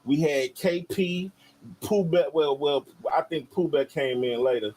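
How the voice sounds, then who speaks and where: A man from Chicago with a fairly high voice, talking as a guest in a casual sit-down interview. He tells his stories loosely and conversationally, piling on asides. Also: a little slow, a little mellow, poor audio. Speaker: battle rapper guest.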